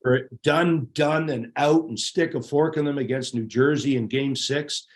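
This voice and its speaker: Middle-aged male guest, lively anecdotal storyteller, mid pitch. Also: measured pace. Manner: animated, laughing anecdotes. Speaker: guest, former hockey goalie. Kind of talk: casual storytelling.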